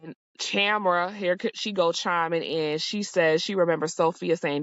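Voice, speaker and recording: A woman's voice: deep voice, steady tone, moderate pace, few pauses, dry recording. Female recap host, conversational and sassy, with a dull, close, dry sound. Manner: chatty and sassy, with playful asides. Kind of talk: casual recap commentary.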